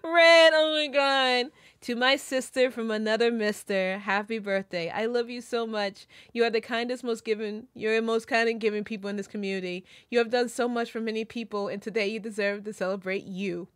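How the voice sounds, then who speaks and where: A woman's voice: mid-range voice, fairly even intonation, brisk, few pauses, no echo, clean studio sound. A woman streamer reading birthday messages aloud, emotional and tearful, laughing between lines. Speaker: VTuber streamer.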